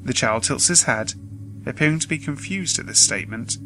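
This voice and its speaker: Reading from a first-person horror script, a man keeps his mid-range voice measured and steady. The recording is rough, with faint music in the background.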